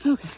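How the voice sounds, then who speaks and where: A woman's voice: mellow, lo-fi sound. A young adult woman talking frankly to the camera in a casual vlog, open and self-deprecating about her daily life and money. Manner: frank, self-deprecating, talks to viewers directly. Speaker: single mom vlogger.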